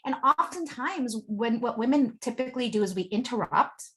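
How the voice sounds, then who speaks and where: Woman relationship coach, fairly high voice, animated storyteller full of fillers, interview guest. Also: normal speed.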